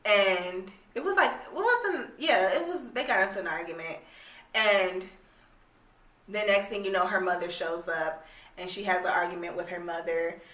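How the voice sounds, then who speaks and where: A woman's voice: fairly low pitch, normal speed, a bit bright. A young woman ranting bluntly about a book she hates, exasperated and swearing freely. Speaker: book reviewer. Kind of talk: casual rant review. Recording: echoey room, distant mic.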